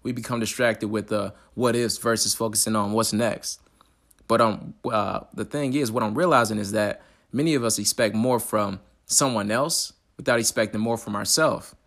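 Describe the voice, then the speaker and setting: A man's voice: fairly low pitch, steady tone, moderate pace, creaky, fairly bright tone. A young man hosting his own motivational talk show, chatting in a casual, upbeat way with slang and fillers. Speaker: podcast host.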